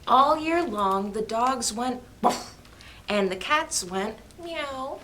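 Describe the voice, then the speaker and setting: A woman reads a picture book aloud to children in a high, very lively voice that swings up and down. She reads slowly and expressively. A faint hiss sits behind her. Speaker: storytime reader.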